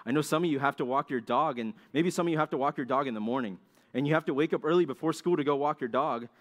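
A man's voice: a little high, fast. A young man giving a sermon to young listeners. He talks conversationally, asks them questions and briefly acts out complaining voices.

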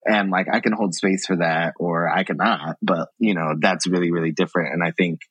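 A man talking as a podcast guest in casual conversation, animated, acting out quoted exchanges and laughing often. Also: low-pitched, a little fast, breathy edge, no room sound, poor audio.

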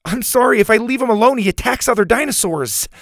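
A man's voice: very high voice, lively intonation, fast, creaky, fairly bright tone, dry recording, studio quality, pitched above the performer's own voice, exaggerated voice. Man voicing an upset young boy. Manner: pleading, anxious. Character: young boy, scared and pleading but stubborn.

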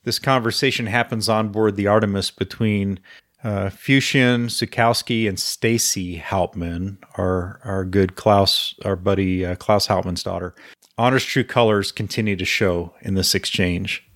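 A man co-hosting a book discussion podcast, reading passages aloud with relaxed asides. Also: fairly low pitch, unhurried, no room sound, clean studio sound. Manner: reads passages aloud with asides, some filler "uh". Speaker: podcast co-host.

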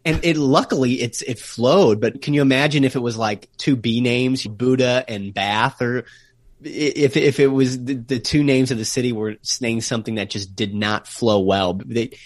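A man co-hosting a travel podcast over a remote call, explaining places at length and slowing down to stress key words. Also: mid-range voice, fairly even intonation, no room sound. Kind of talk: casual podcast chat.

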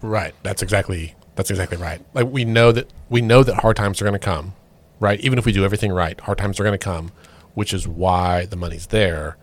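A man's voice: low-pitched, a little fast. A man co-hosting a political podcast in casual chat, restarting phrases often as he talks. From Oklahoma. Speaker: podcast co-host.

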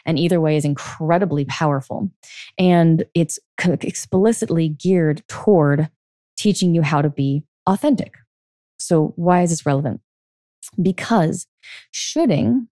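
Middle-aged woman, low warm voice, earnest podcast coach, dry close recording. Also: dry recording. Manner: earnest, coaching tone, frequent "okay?" check-ins. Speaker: podcast host and life coach. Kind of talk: solo podcast monologue.

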